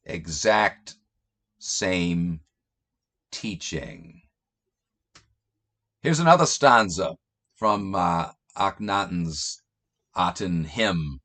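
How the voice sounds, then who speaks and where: A man's voice: low voice, animated, a bit bright. A man who reads out scripture passages and then mocks them with sarcastic, scornful commentary. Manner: reads quotes aloud then jeers, slow drawn-out delivery. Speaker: online commentator. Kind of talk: reading and mocking scripture passages.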